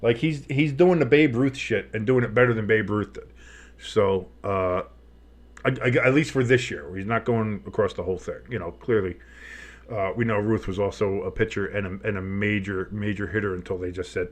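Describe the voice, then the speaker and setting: A man calling a game play-by-play as a fan commentator, rambling and joking with profane asides, saying he has had too much coffee. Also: fairly low pitch. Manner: says he is talking fast on too much coffee.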